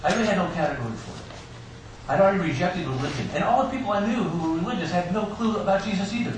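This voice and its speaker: In a church sanctuary, a male pastor races through an Easter sermon in a higher register, telling personal stories with joking asides. The room is very echoey, the mic is distant, and a steady hiss runs under the whole recording.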